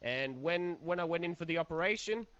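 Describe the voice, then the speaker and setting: Give me a man doing an Australian small-town sheriff who rambles through restarts, a touch high, over muffled game chat. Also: expressive, a bit bright, smooth, dry recording. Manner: rambling, halting, many restarts and fillers. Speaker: sheriff being interviewed. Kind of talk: improvised role-play interview.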